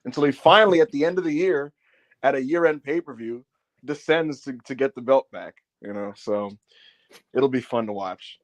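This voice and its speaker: Male podcast co-host, animated rants, swears freely, dry close sound. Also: medium pitch, normal speed, no echo. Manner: animated, profane, ranting, stammers when excited. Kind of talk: casual wrestling podcast chat.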